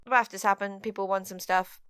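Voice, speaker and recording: A woman co-hosting a podcast from home, relaxed and chatty, leading the topics. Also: medium pitch, fairly quick, clear, resonant tone, dry recording. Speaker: podcast co-host. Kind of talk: casual chat.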